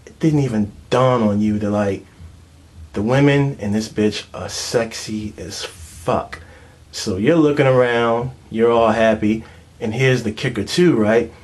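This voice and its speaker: A young man telling a crude, comedic rant full of street slang and constant fillers. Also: mid-range voice.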